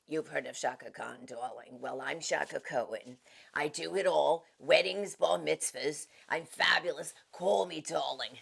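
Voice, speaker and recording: A woman's voice: sits low, measured pace, gravelly, fairly bright tone, husky, heavily acted. A woman doing a flamboyant showbiz event planner. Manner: theatrical, calls everyone darling.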